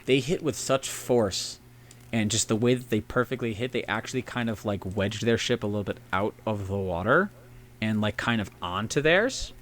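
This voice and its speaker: With a lowish voice and lively intonation, a man co-hosts a casual history podcast at normal speed. He tells the story in a meandering, profane style, shouting in goofy voices for the historical figures.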